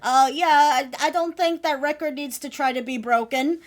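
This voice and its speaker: A woman streamer chatting casually while reacting to a video, excitable and giggly with loud outbursts. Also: sits high, moderate pace.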